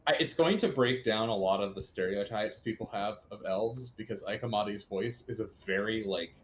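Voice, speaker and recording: A man co-hosting a gaming stream, chatting excitedly and stammering as he rambles. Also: fairly low pitch, moderate pace, slight background noise. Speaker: co-host. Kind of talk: casual chat.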